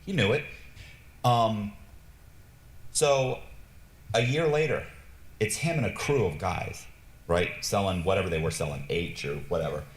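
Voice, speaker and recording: A man streaming a casual story, animated and blunt, swearing freely and acting out the dialogue. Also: deep voice, unhurried, pauses often, echoey room. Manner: animated, acts out quoted dialogue, frequent restarts. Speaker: streamer telling stories.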